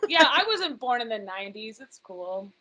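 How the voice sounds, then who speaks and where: Bright-voiced woman hosting a podcast. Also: fairly high pitch, sing-song, moderate pace, low-quality recording. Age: 30s. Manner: chatty, self-deprecating, apologetic for swearing. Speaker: podcast host. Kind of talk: casual chat.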